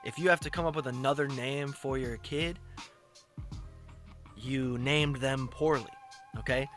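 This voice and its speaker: A man's voice: mid-range voice, steady tone, measured pace, fairly bright tone, soft background music. A man giving casual, blunt commentary on a clip, lecturing and swearing now and then. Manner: lecturing, blunt, profane asides.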